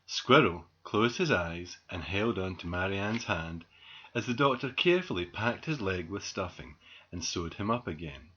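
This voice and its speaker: A man reading a children's story aloud with very expressive storytelling. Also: sits low, normal speed, slightly rough. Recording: dull lo-fi recording.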